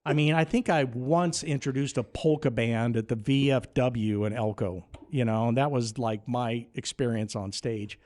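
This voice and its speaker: A man telling a funny story in a casual chat, lively and animated, often climbing to excited near-shouts at the punchlines. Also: mid-range voice, moderate pace, few pauses. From Nevada. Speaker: radio host guest.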